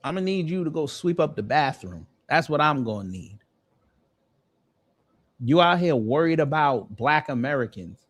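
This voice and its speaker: A man hosting a commentary video, roasting someone with slangy, deadpan jokes. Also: on the high side, normal speed. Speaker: host.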